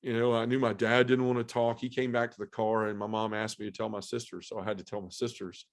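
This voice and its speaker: Male guest, lowish voice, emotional and earnest testimony style. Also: flat delivery, fast talker. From Memphis area, US South. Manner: emotional, earnest storytelling with many fillers. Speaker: podcast guest. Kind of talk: personal testimony in conversation.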